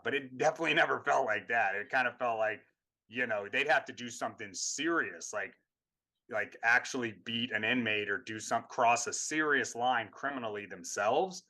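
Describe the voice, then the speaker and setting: A man with a bright, forceful tone talks casually as a guest on a talk show. He rambles and searches for words, often starting his sentences over. His pitch sits in an ordinary middle range. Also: normal speed. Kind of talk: casual conversation.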